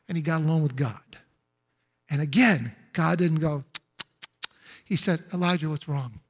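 A man's voice: on the high side, unhurried, husky. A male pastor preaching a sermon in an emphatic, repetitive way, full of rhetorical questions. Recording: echoey hall with long reverb.

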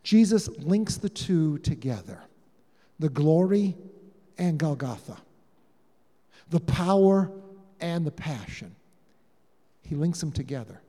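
A man with a fairly high voice preaches a sermon, telling the story with real animation and acting out each line of dialogue. His voice rings out in a hall with a long reverb tail. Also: sing-song, takes it slowly, pauses often, dark tone. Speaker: pastor.

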